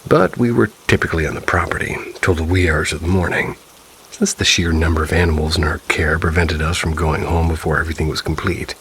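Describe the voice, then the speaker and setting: Male narrator, very low and gravelly, calm measured read of ghost stories. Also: slight background noise, rough recording. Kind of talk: scripted narration.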